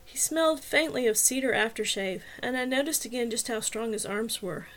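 A woman reads a first-person novel aloud as an audiobook narrator. Her voice sits a little high, and her storytelling is clear and even. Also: normal speed.

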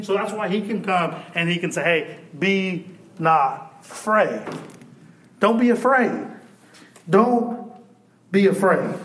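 A man preaching a sermon in a church, animated and shouting at times, then dropping to a hush. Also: sits high. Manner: animated preaching, swinging from loud to hushed. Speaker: pastor. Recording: echoey church room.

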